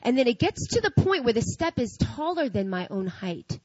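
A woman's voice: on the high side, very animated, normal speed, no room sound, muffled recording. A woman telling a personal story to an audience in casual, slangy talk, acting out her own reactions. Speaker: speaker sharing a personal faith story.

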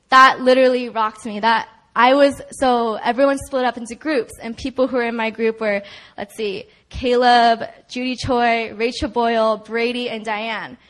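A woman's voice: a little high, a bit bright. A young woman giving a personal testimony at a church prayer meeting, talking in a chatty way full of "like" and "you know" and often laughing as she tells it. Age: young adult. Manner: laughs often while telling.

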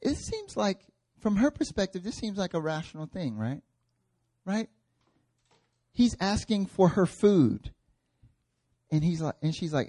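A man's voice: sits high, sing-song, unhurried, pauses often. Man preaching with rising passion. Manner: conversational preaching, voicing biblical figures, builds to loud passionate peaks. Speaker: pastor. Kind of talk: sermon.

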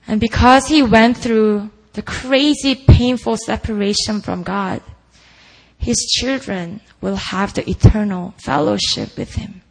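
A woman delivers a sermon at an unhurried, deliberate pace, with a gravelly, creaky edge to her voice. She speaks earnestly and keeps asking the listeners rhetorical questions. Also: medium pitch, fairly even intonation, low-quality recording. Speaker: preacher. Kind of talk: sermon at a prayer meeting.

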